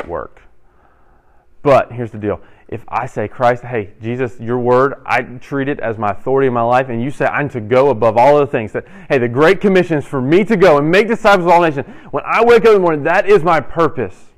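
A young man in his role as a youth pastor, giving an interactive sermon and playfully quizzing his audience with quick asides. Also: mid-range voice. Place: church hall with audience.

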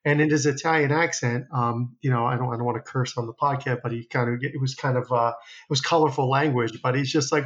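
A man's voice: medium pitch, steady tone, fairly quick, highs cut off. A man, a restaurant founder, talking in a casual podcast interview, rambling with many fillers and restarts. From New Jersey.

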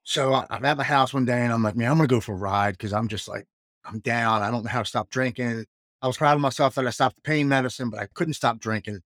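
A man's voice: mid-range voice, quick pace, fairly bright tone, dry recording. Earnest man telling his story, dry sound. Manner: earnest, stumbles and repeats words. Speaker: guest recounting his addiction. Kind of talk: candid personal storytelling.

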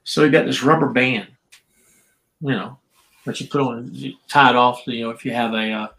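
Gravelly older man telling stories. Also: mid-range voice, steady tone, normal speed, a bit bright, rough recording. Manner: chatty, laughs often, acts out quotes. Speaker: guest, former wrestler and referee. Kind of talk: casual interview storytelling.

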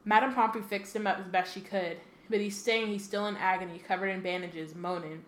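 Woman reading as a gruff giant groundskeeper, thick voice, storybook read-aloud, echoey room, faint background noise. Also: medium pitch, steady tone, brisk, a bit bright, natural voice. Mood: gloomy. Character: Hagrid, huge gruff male groundskeeper, gloomy and drinking.

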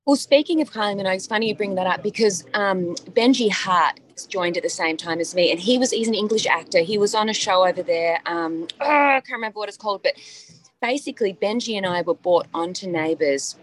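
A woman's voice: mid-range voice, lively intonation, brisk, poor audio. A woman, an actress chatting enthusiastically as a guest on a video call. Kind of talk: casual chat over video call.

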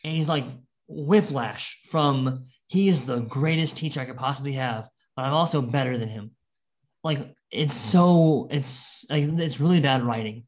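A young man hosting a podcast, reviewing a film in an animated, casual way and quoting its lines, with lots of likes and restarts. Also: mid-range voice, unhurried. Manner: animated, quotes movie lines in passing, many likes and restarts. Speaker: podcast host.

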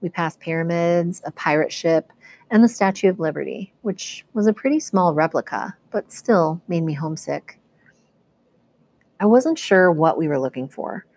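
A woman teacher reads a novel aloud in a lowish, even storytelling voice. She carries the first-person narration steadily from line to line. The sound is dry, close and free of room echo. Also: normal speed. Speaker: teacher reading to students.

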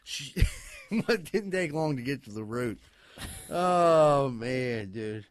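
A man telling a wild story in casual podcast chat, cursing often, laughing and talking excitedly. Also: medium pitch, slow. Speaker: podcast co-host.

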